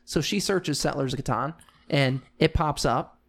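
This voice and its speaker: A middle-aged man chatting on a podcast, telling a long anecdote with amused asides and lots of "I'm like." His voice sits a little high for a man. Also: moderate pace, vocal fry. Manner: storytelling, amused, repeats "I'm like". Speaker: podcast co-host. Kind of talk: casual chat.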